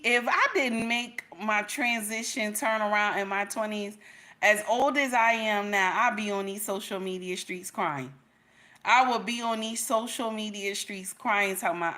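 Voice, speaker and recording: Middle-aged woman livestream host, bright voice, emphatic and repetitive. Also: mid-range voice. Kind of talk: casual livestream commentary.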